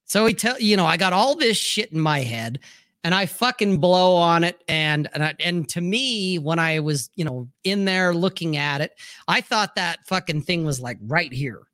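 Male co-host, casual chat, profane rambling storyteller; tense, slightly high voice. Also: expressive, normal speed, fairly bright tone, dry recording, studio quality.

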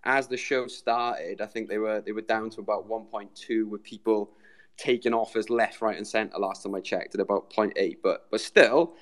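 Here a British man appears remotely on a show as the community's guest, talking in a fairly low, steady voice at a moderate pace. He rambles through a casual chat and addresses everyone as "mate" again and again.

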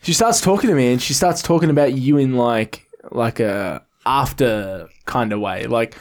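Aussie podcast guy, animated, swears, does the voices in his story, pitch jumps around. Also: normal speed. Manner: animated, swears often, acts out quotes. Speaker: podcast co-host. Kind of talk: casual chat.

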